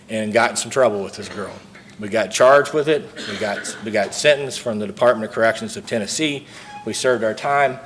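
A man's voice: mid-range voice, fairly bright tone, a little hiss or hum. A man speaking from a podium at a recovery convention, telling his story earnestly and acting out the dialogue. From St. Louis, Missouri.

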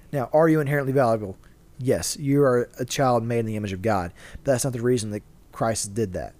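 A man's voice: medium pitch, darkish tone. A man hosting a casual faith discussion, explaining his view earnestly and answering his own rhetorical questions. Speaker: podcast host.

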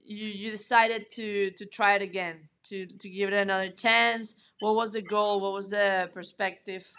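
A woman's voice: mid-range voice, little pitch movement, moderate pace, fairly bright tone. A woman hosting a casual interview, asking friendly questions with plenty of ums and restarts. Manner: friendly, asks questions with many fillers.

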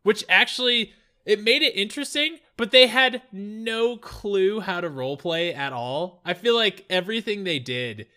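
A man co-hosting a podcast, telling stories in a casual, animated way with laughs. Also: sits high, normal speed. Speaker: podcast co-host. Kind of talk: casual chat.

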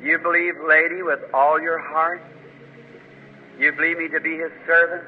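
A man's voice: fairly high pitch, level tone, normal speed, a little hiss or hum. A man preaching at a faith healing service, praying fervently and commanding with force. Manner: fervent, commanding when rebuking. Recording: muffled old recording in a reverberant hall.

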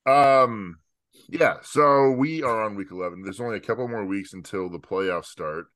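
A man with a lowish voice hosts a casual podcast, rambling and joking as he ribs his co-hosts. His voice is close and dry, with no room sound at all. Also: moderate pace, a bit bright, dry recording. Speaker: podcast host.

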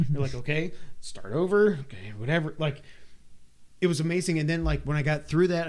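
A man in casual podcast chat, excitedly retelling his time playing a video game and acting out moments with sound effects and little voices. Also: mid-range voice. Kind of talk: casual chat recounting gameplay.

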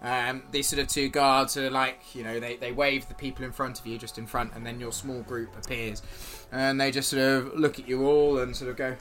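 A man's voice: mid-range voice, little pitch movement, a little fast, fairly bright tone, faint music behind. A man narrating as game master of a tabletop game, hesitant and full of fillers.

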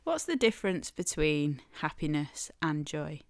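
Woman, devotional teaching, slightly low voice, smooth and clear, measured and emphatic. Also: sing-song, no echo, clean studio sound. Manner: measured, emphatic, asks listeners questions. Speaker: Christian speaker.

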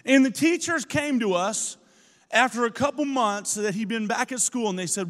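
A man preaching a sermon as pastor, telling stories with animated energy that builds to shouting. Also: very high voice, moderate pace, long reverb tail. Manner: animated storytelling, rising to shouts.

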